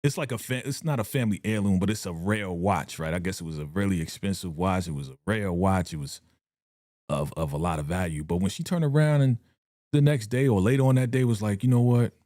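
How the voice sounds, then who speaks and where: A man hosting a casual live reaction stream about a TV episode, talking in an animated, slangy way and laughing often. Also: sits low, a little fast, dry recording, studio quality. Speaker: TV show reaction livestream host.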